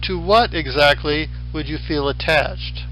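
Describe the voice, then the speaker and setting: A middle-aged male professor from the western United States giving a recorded lecture with a slideshow, in a dry, wry way with deadpan asides. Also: a little high, unhurried, slight background noise, low-quality recording.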